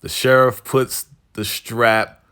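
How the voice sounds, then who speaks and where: A man hosting a TV episode recap, retelling the story casually with slang and lively asides. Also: medium pitch, slow, clear, resonant tone. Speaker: TV recap channel host.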